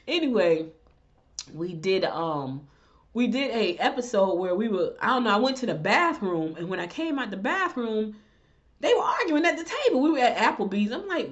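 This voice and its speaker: A middle-aged woman with a blend of Southern and Northern US accent, hosting and telling stories in casual chat, animated and direct. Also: medium pitch, fairly quick. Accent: mix of Southern US and Northern US. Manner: animated storyteller, chatty and direct. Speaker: host. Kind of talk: casual chat and horoscope reading. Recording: dull lo-fi recording.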